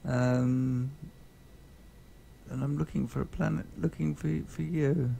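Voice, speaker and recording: A man streaming a space survival game, talking casually in a halting, rambling way full of fillers and restarts. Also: medium pitch, steady tone, vocal fry, mellow. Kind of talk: casual gameplay chat. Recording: noisy game sound behind the voice.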